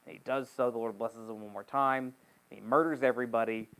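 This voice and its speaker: A man teaching a casual Bible study, retelling the story in an animated, slangy, joking way. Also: medium pitch, brisk, clear, resonant tone, rough recording.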